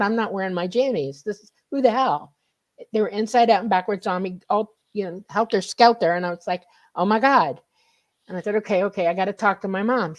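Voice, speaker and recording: A middle-aged woman from the United States, a guest on a radio show, telling a personal story in a lively way and acting out her past reactions. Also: medium pitch. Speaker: guest, contactee.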